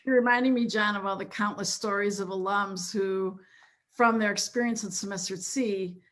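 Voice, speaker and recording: A woman's voice: medium pitch, fairly even intonation, normal speed, fairly bright tone, a little hiss or hum. A woman hosting an online alumni talk, reflecting on students and taking audience questions over a video call. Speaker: host. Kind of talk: webinar moderating.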